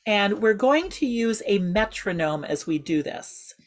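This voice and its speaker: A woman's voice: medium pitch, animated. A woman leading a group voice exercise over a video call, giving patient step-by-step instructions. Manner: patient, instructive, speaks in measured rhythm. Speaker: group voice and singing leader. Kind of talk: slow guided voice exercise class.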